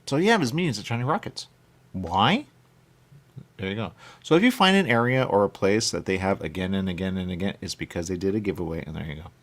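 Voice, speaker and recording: A man's voice: deep voice, animated, quick pace. A man hosting a talk radio show, chatting casually in a rambling way and often checking in with "okay?". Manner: chatty, keeps saying "okay?" and "there you go".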